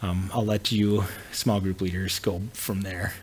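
A man's voice: low-pitched, level tone, a little slow, breathy edge. Man teaching a church class. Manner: conversational, with frequent fillers and restarts. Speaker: pastor.

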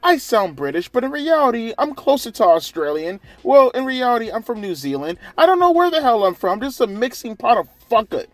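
A man's voice: high-pitched, normal speed, no echo, voice pushed up, lightly acted. A man putting on a snooty, affected British-sounding voice to play a pompous, muddled male wrestler. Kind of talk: mocking impression in a rant.

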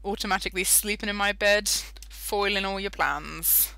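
A woman's voice: mid-range voice, normal speed, gravelly, sharp tone, dry recording. A young British woman giving casual, giggly commentary while playing Minecraft, easily sidetracked. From Britain. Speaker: Minecraft let's-play host.

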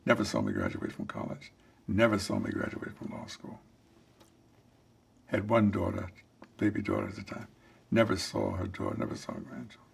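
Gravelly older man telling his story. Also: low-pitched, very animated. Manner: reflective, halting, with many restarts and fillers. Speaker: interviewee. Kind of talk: personal storytelling interview.

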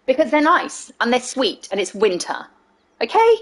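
A woman's voice: high voice, sing-song, normal speed, a little hiss or hum. A young woman chatting casually on a game live stream, playful, laughing often and swearing freely. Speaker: streamer playing a video game.

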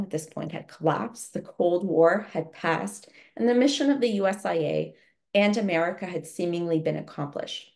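A woman historian presenting an academic seminar talk, measured and reading from prepared notes over a video call. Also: on the low side, darkish tone.

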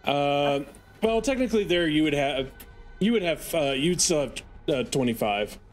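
A man running a tabletop game as game master. He counts out movement and narrates the enemies' actions calmly. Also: on the high side, moderate pace, faint music behind.

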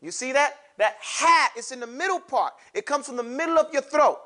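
A man's voice: extremely high pitch, lively intonation, fairly quick, bright, forceful tone. A man teaching a classroom lesson on pronouncing letters for Quran recitation, animatedly drilling his class to repeat sounds aloud.

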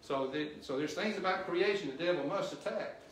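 A man's voice: sits high, a little fast, a little hiss or hum. Preacher man in an echoey church. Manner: quizzes the congregation with questions; grows loud and emphatic at peaks. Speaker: missionary preacher. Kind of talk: sermon. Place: church sanctuary. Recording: roomy church echo, distant mic.

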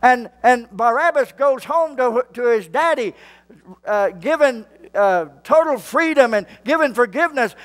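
A male pastor, preaching a sermon slowly and building to fervent shouts. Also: very high voice, expressive.

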